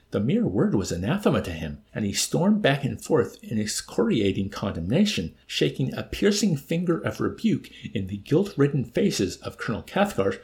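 A man reading a novel aloud in an animated way, now and then laughing and adding amused asides. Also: medium pitch, vocal fry. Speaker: reader.

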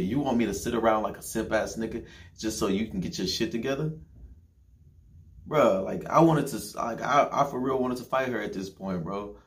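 Deep-voiced man telling a profane story. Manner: profane, animated, slangy, quotes others in raised voice. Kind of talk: casual storytelling.

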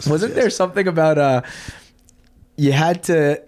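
A man's voice: on the high side, unhurried, darkish tone. A young man hosting a podcast, telling stories in rambling casual chat full of fillers. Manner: rambling, many fillers like "like" and "I was like". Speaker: podcast host.

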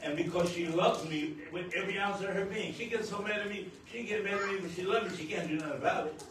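Older man preaching, higher voice, booming reverberant sanctuary, distant noisy recording. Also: quick pace. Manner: preaching, rising to shouts on key points. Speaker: pastor. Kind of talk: sermon. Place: church sanctuary. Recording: very echoey church hall, distant mic, noisy.

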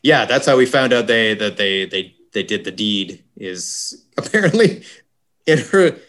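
Cara de voz mais grave num podcast, papo solto sobre filme, zoando. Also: male voice, on the low side, animated, fairly bright tone. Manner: jokey, does quick impressions. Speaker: podcast co-host. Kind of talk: casual movie review chat.

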